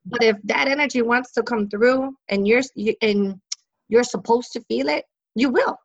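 A woman's voice: fairly high pitch, moderate pace, vocal fry, muffled recording. A woman psychic in an interview, telling stories in a chatty way, laughing often and using many fillers. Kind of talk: casual interview storytelling.

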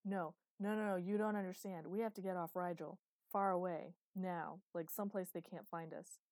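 A woman's voice: mid-range voice, fairly even intonation, fairly quick, no room sound, lightly acted. A woman voicing a panicked young male officer who pushes urgently and insistently. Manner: urgent, pressing, forceful.

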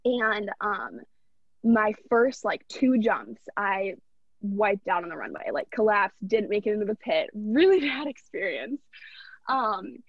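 A woman's voice: mid-range voice, expressive, unhurried, breathy edge, dry recording. Young woman telling a story, muffled recording. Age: young adult. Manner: earnest, rambling, heartfelt retelling. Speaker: podcast guest, college athlete. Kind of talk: casual personal storytelling. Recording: dull, dry lo-fi recording.

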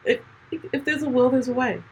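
A young woman in her twenties co-hosting a podcast, chatting casually and telling animated stories with a husky voice. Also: high voice, brisk, a little hiss or hum. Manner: chatty, animated storytelling with laughs. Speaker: podcast co-host. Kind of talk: casual chat.

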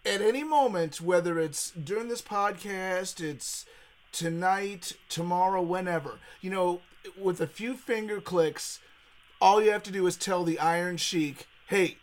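A middle-aged man co-hosting a podcast in casual chat, excitable and rambling with many restarts. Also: high voice, a little slow. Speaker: podcast co-host.

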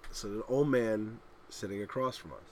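A man in his thirties co-hosting a podcast, telling animated family stories in casual chat and laughing loudly at them. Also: fairly low pitch, moderate pace, slight background noise. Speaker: podcast co-host.

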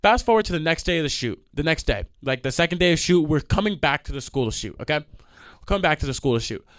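A young man telling a profane, animated storytime rant, acting out the people in his stories. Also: on the high side, fast talker, dry recording, clean studio sound. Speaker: vlogger. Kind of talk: ranting storytime monologue.

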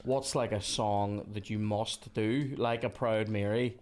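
A man's voice: fairly low pitch, fairly even intonation, unhurried, darkish tone. A Northern Irish man in his thirties hosting a podcast, chatting casually and swearing often as he plays a football game. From Northern Ireland. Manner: swears often, muttering when frustrated. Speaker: podcast host. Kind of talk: casual chat while gaming.

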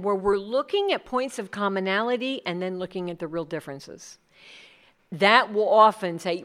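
A middle-aged woman leading a workshop session, talking in a conversational, animated way and acting out other people's words. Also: mid-range voice, normal speed. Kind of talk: conference talk.

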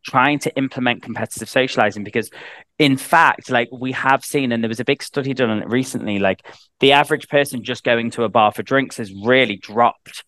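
A man's voice: medium pitch, a little fast, fairly bright tone, no echo. A British man chatting as a guest on a podcast, talking loosely with many restarts and fillers. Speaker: guest, head of sales. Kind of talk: casual podcast interview.

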